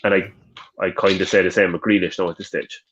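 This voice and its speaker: A man's voice: low voice, little pitch movement, fast, a bit bright, breathy edge. A man from Ireland co-hosting a football podcast, giving frustrated match analysis in casual chat. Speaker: podcast co-host. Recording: dull lo-fi sound.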